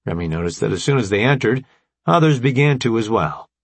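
A male audiobook narrator with a gravelly, husky voice and lively intonation. He reads steadily, recorded dry and close. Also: medium pitch, fairly quick, no room sound. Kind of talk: scripted narration.

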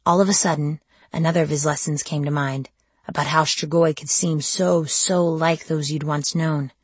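A woman narrating a first-person novel in a measured, intimate way. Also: sits low, fairly even intonation, slightly rough, no room sound. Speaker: audiobook narrator.

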